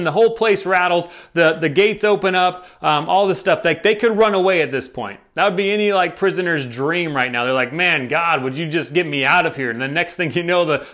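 A man's voice: fairly high pitch, fairly bright tone. A man preaching a sermon in a conversational, enthusiastic way, often asking "right?" as he goes. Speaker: pastor.

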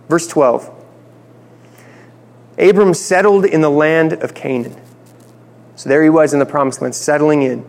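A man's voice: fairly high pitch, gravelly, in a large hall. A man giving a conversational Bible teaching, acting out dialogue and dropping playful asides.

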